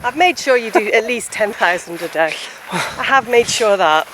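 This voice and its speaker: A woman chatting casually on a holiday vlog, teasing with quick interjections. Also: on the high side, animated. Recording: noisy outdoor recording.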